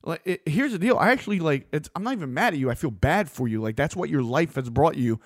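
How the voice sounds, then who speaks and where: A man delivering a blunt, opinionated monologue as a host, swearing freely and getting animated. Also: on the high side, fast talker, no echo, studio quality.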